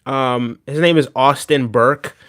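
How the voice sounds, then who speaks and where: A man's voice: medium pitch, slow pace, a bit bright. A man streaming live, reacting to a video and answering his chat in an emphatic, casual way, often tagging his points with "right?". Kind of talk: casual livestream reaction commentary.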